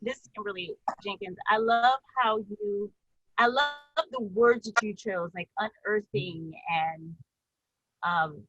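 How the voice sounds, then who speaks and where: A woman's voice: medium pitch, slow, highs cut off. A woman who is a doctoral student speaking effusively in a writing workshop over a video call, rambling as she praises. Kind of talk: casual chat.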